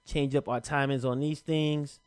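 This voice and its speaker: A man presenting a software tutorial in a relaxed, chatty way, talking through each step with casual slang. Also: medium pitch, measured pace, smooth, no room sound, studio quality. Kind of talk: casual screen-recorded tutorial.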